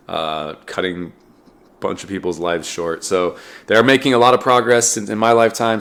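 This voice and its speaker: A man's voice: low-pitched, a bit bright. A man, slightly sick, hosting his own podcast in a casual, rambling monologue full of restarts and fillers. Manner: rambling, fills gaps with uh and restarts. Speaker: podcast host.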